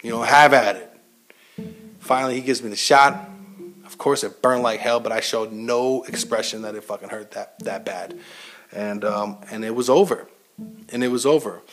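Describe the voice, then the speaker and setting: A man's voice: on the low side, fairly even intonation, normal speed, soft background music. A man telling a personal story in a casual, heavily profane, self-mocking monologue to his listeners. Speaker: military veteran host.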